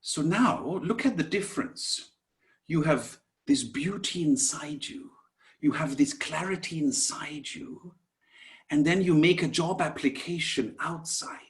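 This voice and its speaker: A man teaching an online class in a slow, gentle way, dropping to soft whispers at times and calling his listeners "my dears". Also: fairly high pitch. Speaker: Sanskrit teacher.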